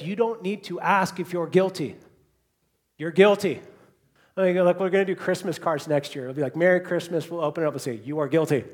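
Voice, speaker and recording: A man preaching a sermon to a congregation in a church hall, moving between hushed, quiet repetitions and loud, emphatic bursts. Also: high voice. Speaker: pastor.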